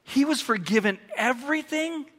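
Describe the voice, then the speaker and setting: A man's voice: extremely high pitch, animated, moderate pace, a bit bright. A man preaching a sermon as a pastor, playful and joking, often putting questions to the congregation. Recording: long hall reverb.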